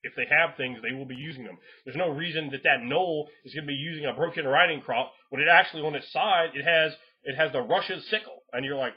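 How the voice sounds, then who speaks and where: A man giving casual game master advice in a rambling, profane way, laughing often and acting out players in quick voices. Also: on the high side, animated, slightly rough. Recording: dull lo-fi home recording.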